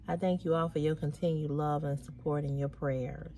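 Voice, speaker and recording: A middle-aged woman with a low voice chats straight to her viewers in a casual vlog. She sounds worn out, lets out heavy sighs and keeps repeating herself for emphasis. A faint ambient hum sits behind her. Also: warm tone. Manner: weary, venting, with frequent heavy sighs. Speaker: fashion vlogger. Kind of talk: casual chat to camera.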